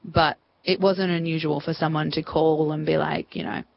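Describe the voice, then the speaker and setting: A woman's voice: sits low, fairly even intonation, normal speed, gravelly, lo-fi sound, a little hiss or hum. A woman in her thirties with an Australian accent, telling her story in an interview and acting out remembered conversations. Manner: chatty, acts out remembered dialogue. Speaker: interview guest.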